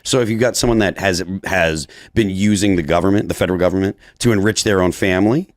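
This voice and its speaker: A man on a podcast panel arguing a political point in a measured way, restarting his sentences. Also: low voice, no echo, studio quality. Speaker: podcast guest.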